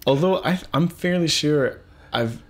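A man with a British accent co-hosting a podcast, talking about films in a measured, thoughtful way. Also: a little high. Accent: British English. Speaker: podcast co-host. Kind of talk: casual film chat.

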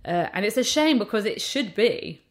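A woman comedian, chatting casually in an interview and acting out the people in her stories. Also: medium pitch. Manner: animated storyteller, quick to act out quotes. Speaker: stand-up comedian and character act.

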